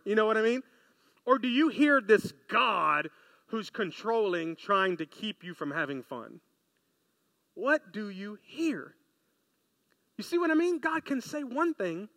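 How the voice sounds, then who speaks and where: A man preaching a sermon in an animated, conversational way, often asking his listeners questions. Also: sits high, no echo. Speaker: pastor. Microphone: close mic, podcast.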